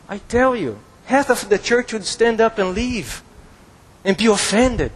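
Male pastor, high and husky, emphatic preaching with repeated phrases, long church reverb. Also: expressive, unhurried. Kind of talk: expository sermon.

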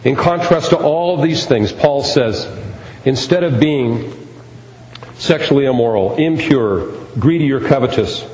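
A man's voice: mid-range voice, lively intonation, measured pace, a little mellow, slight background noise. A man preaching a sermon as pastor, speaking emphatically and repeating key phrases. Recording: echoey hall with faint ambience.

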